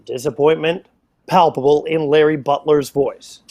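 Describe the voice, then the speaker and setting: Excitable male darts commentator, slightly high voice. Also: moderate pace. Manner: excitable, playful, self-mocking asides. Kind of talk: live sports play-by-play commentary.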